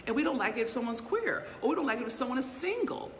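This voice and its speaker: A woman's voice: on the high side, very animated, quick pace, faint music behind. A middle-aged woman, an inspirational speaker and business mentor, giving a blunt, profane motivational talk to a live audience, checking in with them again and again. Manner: emphatic, blunt and profane, full of rhetorical check-ins. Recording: long reverb with faint background noise.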